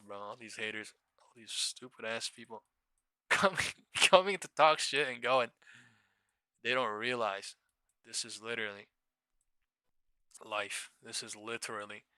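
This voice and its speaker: A man's voice: mid-range voice, sharp tone, dry recording. A man hosting a live trading stream, talking casually, swearing and laughing often as he rambles.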